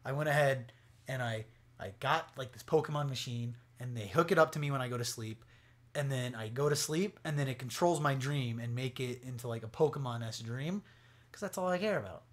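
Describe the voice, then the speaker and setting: A young man co-hosting a casual podcast, excitable and swearing freely, trailing off into fillers. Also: medium pitch, brisk. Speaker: podcast co-host. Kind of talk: casual chat.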